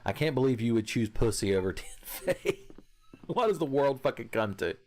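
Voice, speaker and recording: A man's voice: medium pitch, animated, moderate pace, darkish tone. A young man casually commenting on a video game as he plays, swearing and joking with his chat and laughing often. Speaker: streamer.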